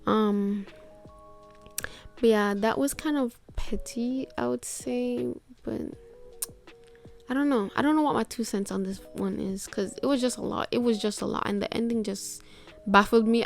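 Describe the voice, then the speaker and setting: A woman's voice: mid-range voice, gravelly. A woman hosting a reaction video, talking casually and sounding exasperated, often repeating herself. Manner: chatty, exasperated, stammers and repeats.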